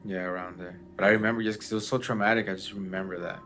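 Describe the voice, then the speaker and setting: A man's voice: low voice, fairly even intonation, rapid-fire, a bit bright, slight background noise. A man in casual chat, telling a story with lots of fillers and restarts. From Mexican family background. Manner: rambling, many fillers.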